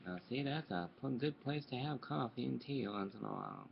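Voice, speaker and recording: A man with a deeply gravelly voice reads a children's storybook aloud at bedtime. He breaks off now and then to talk to his young listeners. The recording is muffled and lo-fi, with faint noise behind him. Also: wildly swooping pitch, fairly quick. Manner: warm asides to young listeners.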